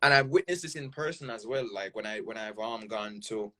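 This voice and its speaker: The speaker is a Jamaican man from Jamaica whose lowish voice comes out fairly quick, bright, and forceful. As a content creator on a podcast, he gives casual, animated interview talk, packed with emphasis and repeated "right?" check-ins.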